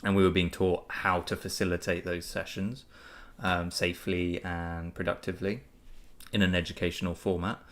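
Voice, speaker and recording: A man's voice: low voice, level tone, normal speed, a bit bright. A man hosting a casual live Q&A, talking in an easygoing, upbeat way that rambles with fillers and restarts. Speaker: channel host answering viewer questions.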